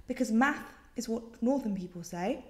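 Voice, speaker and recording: A young woman with a British accent talks straight to camera in a casual vlog. She is sassy and teasing, with a slightly high voice. Her room gives a noticeable echo. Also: lively intonation, normal speed. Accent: British English. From Britain. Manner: sassy, defensive, jokey. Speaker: vlogger. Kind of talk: casual vlog answering questions. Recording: echoey room.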